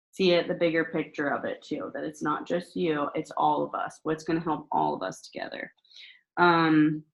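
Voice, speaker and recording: A woman in her thirties hosting a casual astrology talk, chatty and animated, swearing freely as she tells stories. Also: low-pitched, rough recording. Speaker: spiritual host.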